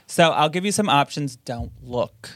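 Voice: mid-range voice, lively intonation, normal speed, no echo, clean studio sound. A podcast host in casual chat, playfully quizzing a co-host and laughing between lines.

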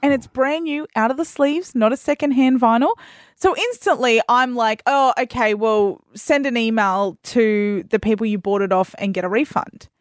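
Woman co-host, storytelling chat, fairly high pitch, dry close sound. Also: moderate pace, dry recording. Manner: chatty storytelling. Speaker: podcast co-host. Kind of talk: casual radio chat.

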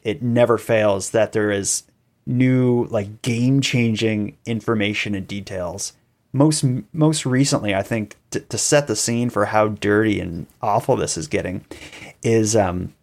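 A man, a podcast guest in an interview, telling events at length and acting out quoted voices. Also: a little slow. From Canada. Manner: animated storytelling, acting out quoted calls with rising pitch. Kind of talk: conversational interview.

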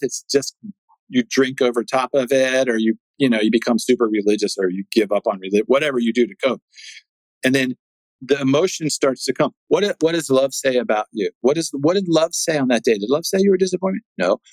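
Man, 60s, emphatic speaker with punchy questions, mid-pitched, close dry sound. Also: no room sound, low-quality recording. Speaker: speaker on conflict resolution. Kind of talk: animated talk to an audience.

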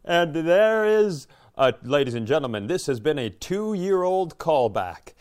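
Middle-aged man, podcast co-host, smooth clear voice, loose rambling storytelling, casual chat. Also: a little high, a little slow. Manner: rambling storyteller, animated, swearing.

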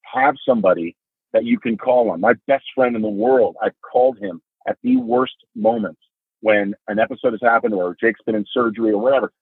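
A man's voice: very animated, brisk, no echo. A middle-aged man, a podcast guest, telling about family life with earnest, emphatic storytelling. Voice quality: husky. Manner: earnest, emphatic storytelling, rising pitch when moved. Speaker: podcast guest, father of a son with epilepsy. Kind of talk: podcast conversation. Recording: dry phone-like remote line.

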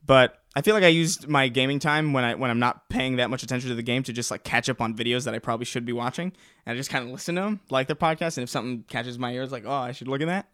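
A man co-hosting a casual podcast, talking quickly and often restarting his words. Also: mid-range voice, fairly bright tone, dry recording, studio quality. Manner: quick, hesitant, repeats words. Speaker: podcast co-host.

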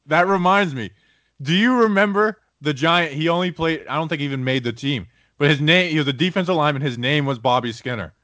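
A man's voice: on the high side, fairly quick, fairly bright tone, dry recording. A man hosting a podcast in casual chat, telling jokey stories and teasing his co-hosts. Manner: joking, storytelling, teasing. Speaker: podcast host.

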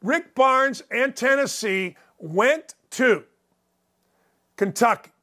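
A man's voice: very high voice, slow pace, pushed and bright. Blunt, ranting male sports show host. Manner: blunt, ranting, sarcastic, swears freely. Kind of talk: opinionated sports commentary monologue.

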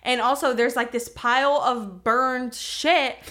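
A young woman co-hosting a podcast, telling a story in a casual, animated and profane way. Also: fairly high pitch, takes it slowly. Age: young adult. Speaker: podcast co-host. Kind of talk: casual chat.

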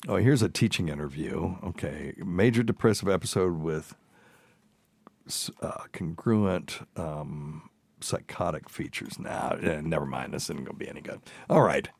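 A man's voice: very deep voice, normal speed, creaky, husky, no room sound. A man co-hosting a podcast in casual chat, laughing often and reading clips aloud. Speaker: podcast co-host.

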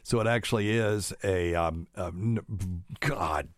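Man, very low voice, dry close sound, rambling casual talk, lots of ums. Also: measured pace, no room sound. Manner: rambling, digressive, many fillers. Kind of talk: casual talk, reading news aloud.

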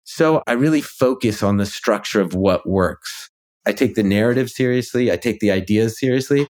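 A ghostwriter and author appears as a guest in a casual conversation, speaking at normal speed in a fairly low, slightly mellow voice. He reflects aloud on his ideas, using lots of fillers.

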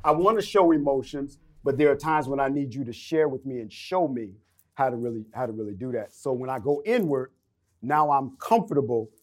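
A man's voice: mid-range voice, animated, fairly quick, a little mellow, dry recording. A middle-aged man on a discussion panel, candidly telling a personal story and acting out what was said. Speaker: panel guest.

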